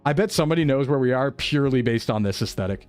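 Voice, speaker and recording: A young man chatting away on a gaming stream, loose and joking, breaking into laughter between guesses. His voice sits in an ordinary middle register. Soft music plays faintly behind him. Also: medium pitch, lively intonation, fast, clean tone. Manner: chatty, laughs often, jokes with chat. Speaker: VTuber streamer. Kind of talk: casual livestream chat while playing. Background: faint background music.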